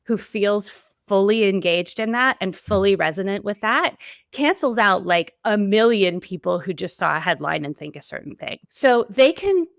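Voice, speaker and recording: A woman's voice: medium pitch, lively intonation, normal speed, gravelly, no echo, studio quality. A woman hosting a solo podcast, talking in an earnest, emphatic way with repeated build-ups. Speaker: podcast host.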